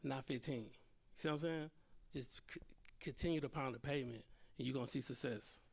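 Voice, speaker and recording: A man's voice: medium pitch, a little fast, creaky, husky. A man speaking on a panel in an encouraging, emphatic way.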